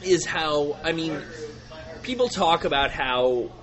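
A man's voice: on the high side, slow pace. A man co-hosting a soccer podcast in casual chat, ranting and repeating himself as he builds a point. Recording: loud crowd behind.

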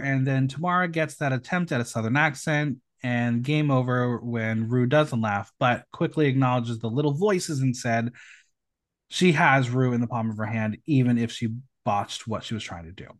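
A man's voice: mid-range voice, a bit bright. A man hosting a recap podcast, reading out the episode with playful asides. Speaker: podcast host. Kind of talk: reality show recap podcast.

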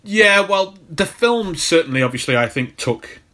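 A man's voice: sits high, expressive, moderate pace, bright, forceful tone. Rambling man chatting about films. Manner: rambling, jokey, many restarts. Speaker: podcast co-host. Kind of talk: casual film chat.

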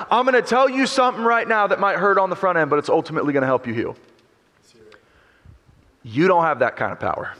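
A man's voice: high voice, fairly bright tone, long reverb tail. A man preaching a sermon as a pastor, emphatic and joking as he tells a story, in a church.

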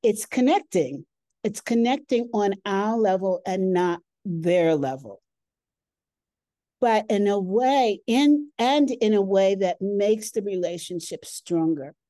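A woman's voice: mid-range voice, expressive, dark tone, no room sound. A woman hosting a podcast, speaking thoughtfully and with feeling as she reflects on her guest's story. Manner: slow, thoughtful, emotional. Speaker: podcast host. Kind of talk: reflective interview talk.

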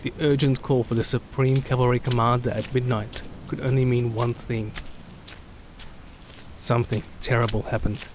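A man giving scripted, steady and dramatic narration of a story. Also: medium pitch, moderate pace, background noise.

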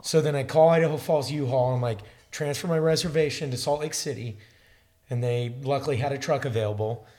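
Man, casual chat, animated storyteller, mid-pitched voice. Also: brisk. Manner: animated storytelling, acts out dialogue.

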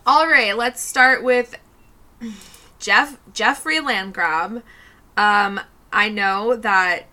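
A woman's voice: mid-range voice, drawn-out words, long pauses, bright, forceful tone. A young woman co-hosting a podcast in a casual, giggly, laid-back chat, swearing now and then. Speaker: podcast co-host.

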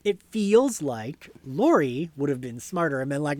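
Fairly high-voiced man, dry close sound. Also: sing-song, moderate pace, few pauses, a little mellow, no room sound. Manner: hesitant, many fillers, enthusiastic opinions. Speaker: podcast co-host. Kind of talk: casual movie review chat.

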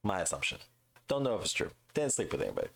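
A man with a very low voice co-hosting a casual podcast chat. He rants with plenty of swearing and jumps into quick impressions of the people he quotes. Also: huge pitch swings, vocal fry, breathy edge. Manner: profane, ranting, acts out quoted voices. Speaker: podcast co-host.

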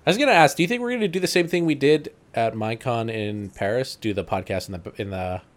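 A man's voice: mid-range voice, lively intonation, fast. A man from Canada chatting on a casual podcast, asking the group questions. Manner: upbeat, asks the group questions. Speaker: podcast co-host.

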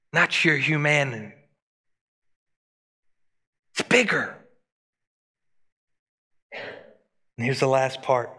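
A man preaching a sermon as pastor, animated and rising and dropping his voice for emphasis. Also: mid-range voice. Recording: long hall reverb.

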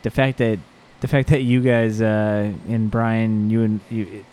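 A podcast host with a fairly low, clean voice talks a little slowly in a casual chat. He tells rambling, profane stories with animated delivery.

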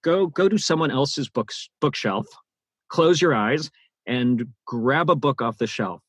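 A man's voice: mid-range voice, breathy edge, no room sound. A man who narrates audiobooks, talking animatedly in an interview and often restarting his sentences. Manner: animated, many restarts and repeated words. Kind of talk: interview conversation.

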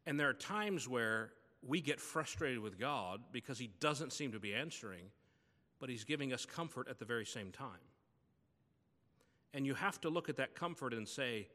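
Male pastor, conversational sermon, bright tone, reverberant sanctuary. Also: medium pitch, lively intonation, moderate pace. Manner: conversational storytelling preaching.

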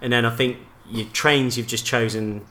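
A man's voice: medium pitch, steady tone, normal speed, pushed and bright. A man co-hosting a casual podcast, bantering and joking with laughs. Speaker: podcast co-host.

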